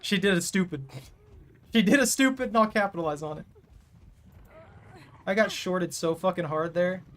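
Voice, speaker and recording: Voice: mid-range voice, moderate pace, long pauses, a bit bright, slight background noise. A gamer giving gameplay commentary while playing a killer, ranting and swearing constantly in frustration.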